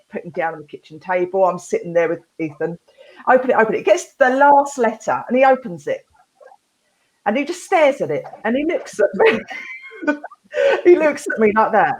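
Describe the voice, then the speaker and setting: A woman's voice: fairly high pitch, rough recording. A woman hosting a live therapy talk, rambling casually through a story and laughing often. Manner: chatty, laughs often, animated.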